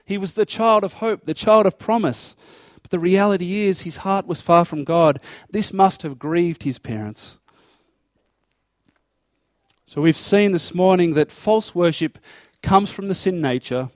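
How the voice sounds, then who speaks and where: A man's voice: sits high, a little slow, dry recording, clean studio sound. A man preaching a sermon, explaining scripture verse by verse and acting out dialogue in an earnest tone. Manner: earnest expository preaching, acting out God's voice in quotes.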